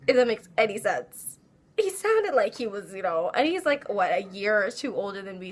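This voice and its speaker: A young woman telling a casual storytime, animated and laughing as she acts out her own quotes. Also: a little high, a little fast, slight background noise. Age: young adult. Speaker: vlogger.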